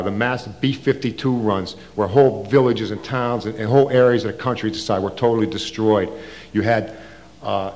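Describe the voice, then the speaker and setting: Older male veteran, lowish voice, loose rambling storyteller with plenty of restarts. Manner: rambling, casual, with frequent restarts and slang. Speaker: Vietnam veteran recounting his service. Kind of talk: oral history storytelling.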